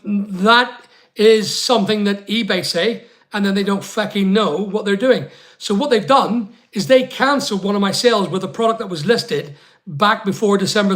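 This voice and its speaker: A man's voice: high voice, fairly bright tone. A middle-aged man from Scotland hosting a casual live chat, answering viewers bluntly with casual swearing and rambling asides. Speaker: live stream host.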